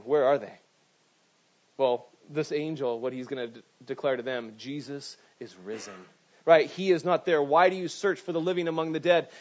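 A middle-aged man preaching a sermon, telling stories with lively asides and frequent "right?" checks to the congregation. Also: a little high. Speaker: pastor. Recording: dull lo-fi sound.

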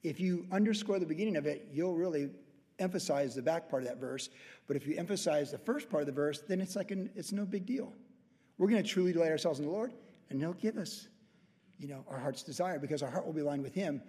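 High-voiced pastor teaching in a reverberant hall. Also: male voice, quick pace, warm tone. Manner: conversational, acts out quoted voices. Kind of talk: verse-by-verse Bible teaching.

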